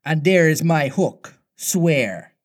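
A man reading aloud voices a pirate captain who swings between menace and fear, with drawn-out theatrical speech. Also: fairly high pitch, lively intonation. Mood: commanding.

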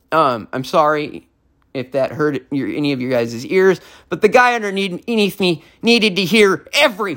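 A man in his thirties hosting a solo podcast from his apartment, cursing constantly and switching between furious shouting and low, weary talk. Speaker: podcast host.

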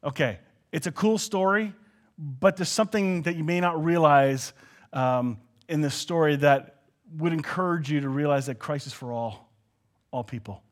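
A man preaching a casual sermon in a church hall, acting out quoted dialogue as he talks. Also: normal speed. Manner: conversational, acts out quoted dialogue with swings in pitch and volume. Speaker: pastor.

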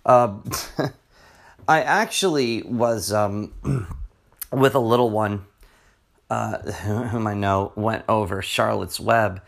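A man's voice: mid-range voice, vocal fry, a bit bright. A middle-aged man, a teacher hosting his own podcast, talking in a rambling, chatty way full of restarts. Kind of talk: casual solo podcast monologue.

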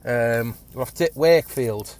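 A man's voice: medium pitch, unhurried, a little mellow. A man hosting a one-take podcast from his car, rambling and grumbling with casual swearing and a phlegmy cough. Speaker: podcast host. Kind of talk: rambling one-take chat while driving. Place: inside a car in traffic. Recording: car and road noise behind.

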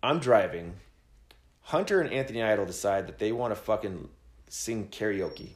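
Brief: deep-ish man, rambling swearing storyteller, roomy echo. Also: moderate pace. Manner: rambling, swearing, animated quoting of friends. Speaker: podcast host telling a story. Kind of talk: casual storytelling, profane.

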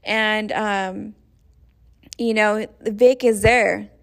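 A woman's voice: medium pitch, steady tone, extremely slow, creaky, a bit bright, a little hiss or hum. A young woman casually retelling a story in a rambling, profane way, full of slang and fillers. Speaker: show recapper. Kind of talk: casual plot recap.

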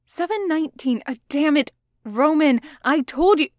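A precise young man , read by a woman, who speaks in exact, formal phrases and tightens up when frightened. His voice sits a little high and comes across dry and close. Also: lively intonation, dry recording. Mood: clipped. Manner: exact, formal speech, quick when alarmed. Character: precise, logical young man, tense and clipped.

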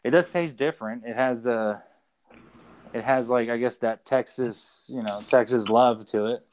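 Calling in to his podcast from away from home, this co-host speaks at normal speed in a mid-range voice. He spins rambling, casual stories packed with fillers and profanity.

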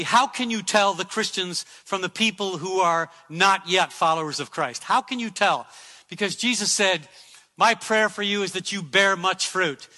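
A man with a high, very bright voice preaches, pounding repeated phrases again and again. A long hall reverb fills the recording, suggesting a church sanctuary.

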